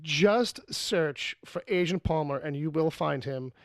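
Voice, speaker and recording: Male podcast host, gravelly, a touch high, loose rambling chat, dry close mic. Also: measured pace, dry recording. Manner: rambling, joking, with frequent fillers and restarts.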